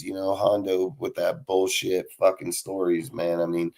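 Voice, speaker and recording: A man's voice: low-pitched, monotone, unhurried, vocal fry, hardly any pauses, darkish tone. A man hosting a casual sports talk show, ranting heatedly and swearing constantly. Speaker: podcast host.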